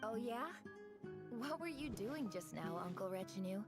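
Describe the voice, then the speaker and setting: A woman's voice: medium pitch, lively intonation, normal speed, over loud music, lightly acted. An actress voicing a cheeky young woman in a video game, teasing playfully. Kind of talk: game character dialogue.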